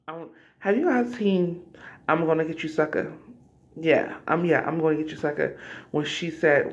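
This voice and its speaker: A woman's voice: low-pitched, moderate pace. A woman vlogger telling a personal story casually to her viewers, acting out scenes with cries and asides. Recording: slightly dull lo-fi audio.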